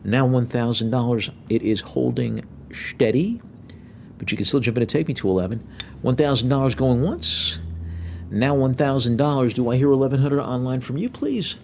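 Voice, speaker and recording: A middle-aged man working as an auctioneer, calling bids briskly with joking asides. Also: mid-range voice, vocal fry, a little mellow, slight background noise.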